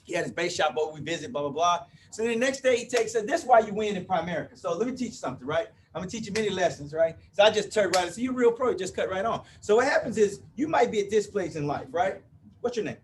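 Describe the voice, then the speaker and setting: Fifty-ish guy, kinda high voice, joking w the crowd at a live talk, mic sounds far off. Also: lively intonation, fast talker, a little hiss or hum. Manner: playful, banters with the crowd, often asks "you with me?". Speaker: motivational speaker. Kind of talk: live motivational talk to an audience. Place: event room before a live audience.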